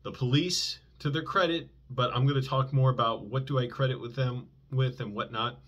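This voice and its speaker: A man's voice: mid-range voice, fairly even intonation, normal speed, fairly bright tone, lo-fi sound. Man rambling through a personal story. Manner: rambling, self-correcting, many fillers. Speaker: vlogger.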